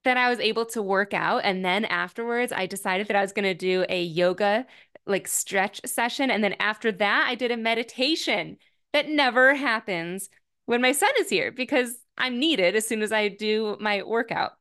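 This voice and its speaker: A woman's voice: mid-range voice, normal speed, fairly bright tone, clean tone. Candid woman musing on her feelings. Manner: candid, thoughtful, often says "like". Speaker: podcast host. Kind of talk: reflective personal monologue.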